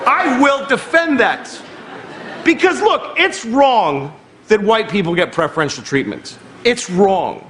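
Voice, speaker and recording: A man doing a stand-up routine on stage, animated and sarcastic, acting out phone calls with a laughing audience around him. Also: high-pitched, measured pace. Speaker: stand-up comedian. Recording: loud crowd and room noise, live club.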